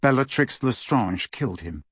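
Man doing earnest teen boy wizard, quiet, polite, husky, dry sound, storybook. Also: medium pitch, animated, moderate pace, no echo. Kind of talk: audiobook character reading.

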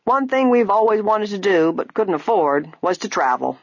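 A woman's voice: medium pitch, big pitch swings, normal speed, breathy edge, dry recording, pitched above the performer's own voice. A woman reading an audiobook, voicing a tall, gray-haired man who runs a small fruit farm. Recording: dull, lo-fi, dry.

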